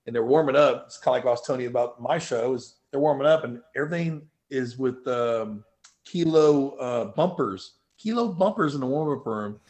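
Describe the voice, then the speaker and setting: A man telling stories as a powerlifting guest in a casual interview, animated and swearing freely. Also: mid-range voice, normal speed. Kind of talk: casual storytelling.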